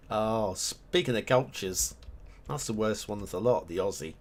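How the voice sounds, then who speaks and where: On a live game stream, a man with a fairly low, animated voice chats casually while making a map, speaking at a measured pace and pausing often. He rambles from topic to topic and hums and mutters to himself as he works.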